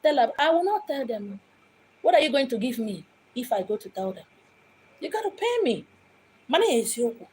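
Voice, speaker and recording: A woman's voice: on the high side, expressive, a little fast, a little mellow, a little hiss or hum. A woman from Abia State in Nigeria with a Nigerian accent, a spiritual medium speaking in an impassioned, dramatic monologue. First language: Igbo. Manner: dramatic, acts out quoted voices. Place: home in Lagos.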